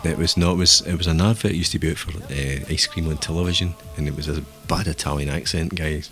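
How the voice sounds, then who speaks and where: A man's voice: a bass voice, steady tone, fast, fairly bright tone, faint music behind. A middle-aged man co-hosting a casual comedy podcast, rambling into bawdy wisecracks and old anecdotes. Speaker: podcast co-host.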